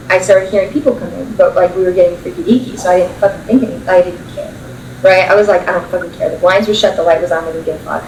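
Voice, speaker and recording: A woman's voice: on the low side, a little mellow, a little hiss or hum. A young woman, a podcast guest, telling a story in blunt, profane casual chat with frequent laughs. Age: young adult. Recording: roomy sound from a distant mic.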